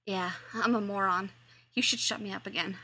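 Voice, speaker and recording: A smug young wizard student who drawls his lines, cocky and scheming, as a woman reads him out. The voice is bright and clear, and the lines roll out slow and lazy. It plays like a spoken storybook. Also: medium pitch, steady tone.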